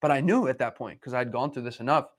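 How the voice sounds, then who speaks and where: A man telling stories in a casual conversation, talking fast and animated, rambling from one thought to the next. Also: medium pitch.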